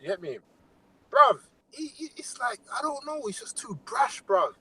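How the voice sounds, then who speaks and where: A young man with a London accent has a very high, breathy voice and speaks at normal speed, chatting casually on a podcast and telling animated stories laced with slang fillers. The recording quality is low.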